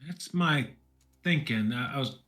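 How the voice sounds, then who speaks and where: A man in a casual co-op board game playthrough, talking in halting restarts and playing along with jokes. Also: mid-range voice, lively intonation, fairly bright tone.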